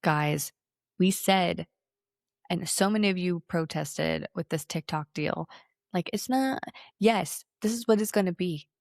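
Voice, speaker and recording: A woman in her thirties co-hosts a podcast and talks politics in a sarcastic, animated way, swearing now and then. Her voice sits a little low. The sound is dry and close to the mic. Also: unhurried, creaky, dry recording. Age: 30s. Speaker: podcast co-host. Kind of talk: casual political chat.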